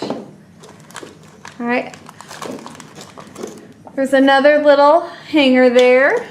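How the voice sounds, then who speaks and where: High-voiced gushing woman unboxing toys. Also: echoey room, slight background noise. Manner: gushing and playful, squeals with delight. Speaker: toy unboxing vlogger. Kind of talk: excited toy unboxing chatter.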